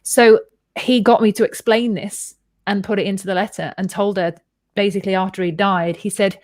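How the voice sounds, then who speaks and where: A podcaster with a mid-range voice talks at normal speed about a personal experience, relaxed, candid and full of energy. She curses freely and acts out the voices she quotes, recorded in a studio with no echo.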